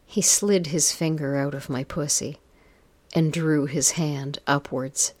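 A woman reading a first-person story aloud, with a soft, intimate delivery. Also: sits low, fairly even intonation, takes it slowly. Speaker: narrator.

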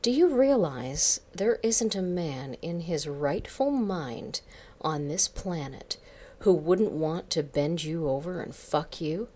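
A smug, domineering boss, as a woman reader puts him on talks slowly and tauntingly. The voice is low, with every order drawn out. Each command sounds cold and certain. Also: animated, a little mellow, exaggerated voice.

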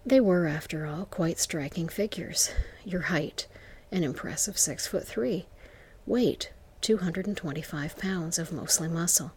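A woman narrating an intimate whispered role-play to the listener, in a soft, slow, seductive whisper. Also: on the low side, breathy edge.

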